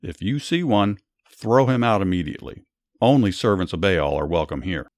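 A man's voice: deep voice, expressive, normal speed, no echo, clean studio sound. A man voicing a ruthless, commanding male king in a read-aloud Bible story. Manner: reads plainly, commands raised and loud.

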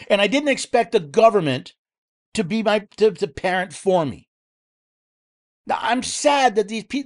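A man hosting a political commentary show, speaking angrily and heatedly, with frequent restarts and repeated words. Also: high voice. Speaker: host.

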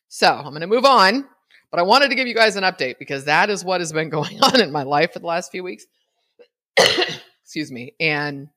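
A woman's voice: rumbling low, vocal fry, a bit bright, no echo, clean studio sound. A woman hosting her own podcast, giving a chatty, rambling solo update with many fillers. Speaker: podcast host.

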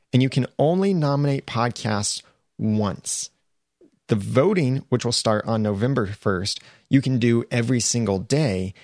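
A man's voice: on the low side, vocal fry, a little mellow, dry recording, clean studio sound. A man hosting his own podcast, talking straight to listeners in an earnest, upbeat way as he gives tips and calls for feedback. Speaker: podcast host. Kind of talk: solo podcast monologue giving tips.

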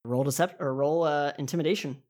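A woman's voice: deep voice, brisk, a little mellow. A woman narrating as game master of a tabletop game in a casual, loose way. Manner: casual, filler-heavy narration.

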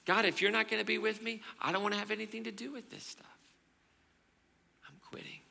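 Figure: a man putting on a fed-up prophet. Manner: exasperated, loud outbursts. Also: high voice, flat delivery, fast, vocal fry, in a large hall, voice pushed up, full character voice. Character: worn-out angry male prophet quitting.

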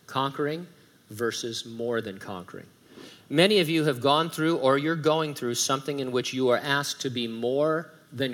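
A middle-aged male pastor with a medium-pitched, fairly bright voice delivers a conversational sermon with light humor. He preaches with humorous asides and reads scripture aloud with emphasis.

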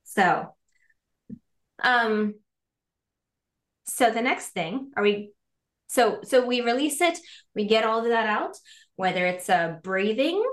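A woman guest coach in an animated podcast interview, laughing often and acting out little quoted voices. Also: fairly high pitch, takes it slowly, long pauses. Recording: roomy echo.

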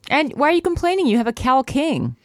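A podcast co-host chatting casually and teasing with deadpan quips. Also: sits high, fairly quick, no room sound, clean studio sound. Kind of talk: casual chat.

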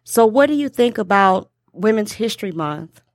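A woman's voice: medium pitch, lively intonation, dry recording, clean studio sound. A middle-aged American woman hosting a podcast, chatting in an upbeat, emphatic way. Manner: upbeat, emphatic, drawn-out listing. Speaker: podcast host. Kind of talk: casual podcast conversation.

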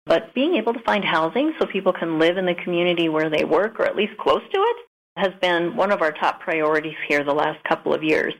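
A woman in her fifties from South Dakota talks as a guest on a radio show, with a lowish voice for a woman. She sounds earnest and upbeat. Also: a little fast, low-quality recording. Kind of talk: radio interview.

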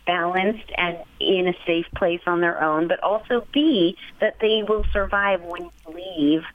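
A woman's voice: lowish voice, measured pace, no echo. A chatty woman offers friendly, practical pet advice in an encouraging tone. Her voice comes through a tinny, narrow telephone line. The sound is dry, with no room around it. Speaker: pet expert guest. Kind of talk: casual advice on a phone interview.

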